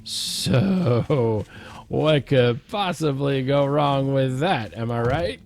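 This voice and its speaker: Slow, goofy man narrating gameplay. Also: medium pitch, creaky, darkish tone, faint music behind. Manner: playful, chanting counts under his breath; self-mocking, goofy asides. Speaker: gameplay commentator. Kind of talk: casual gameplay commentary.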